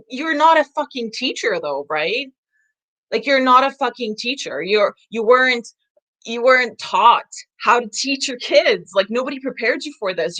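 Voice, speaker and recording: A woman's voice: mid-range voice, pushed and bright. Blunt, swearing woman coach. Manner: frank, emotional, heavy swearing and quick laughs. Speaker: business coach hosting a live stream. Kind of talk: casual live-stream chat reading comments.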